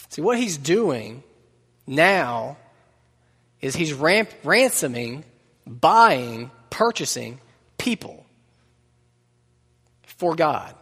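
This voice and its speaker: Pastor, male, slightly high voice, chatty sermon with jokes, long hall reverb. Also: animated, takes it slowly, long pauses, a bit bright. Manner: conversational preaching with asides and humor.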